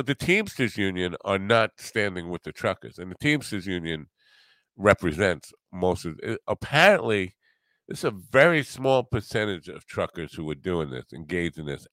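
An older man hosting a podcast in casual, rambling chat, halting often and joking at his own expense. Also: low-pitched, a bit bright, no room sound. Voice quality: rambling, halting, self-deprecating. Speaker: podcast host.

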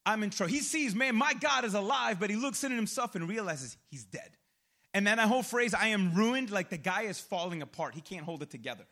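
A young man preaching a sermon in a lively, conversational way, with casual slang and quick asides. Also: high voice. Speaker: pastor.

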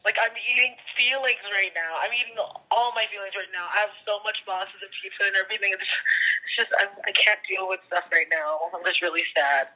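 A man doing an overwrought caller who sobs and takes offense, whiny and melodramatic. The voice is very bright and sharp. It's a call-in comedy skit on a podcast. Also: sits high, fairly quick, low-quality recording. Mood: weepy. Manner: whiny, overdramatic. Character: melodramatic weepy fan caller, overwrought and touchy.

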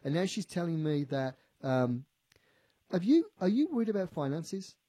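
A man working as a psychic medium on the radio, animated, often repeating himself and quoting what a spirit tells him. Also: on the high side, normal speed, dry recording. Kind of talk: on-air psychic reading. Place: radio studio.

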